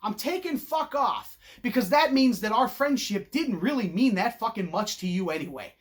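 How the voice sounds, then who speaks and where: A man hosting an opinion show, ranting in a blunt, loud, profane and sarcastic way, mocking people in put-on voices. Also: sits high, animated, moderate pace. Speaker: host.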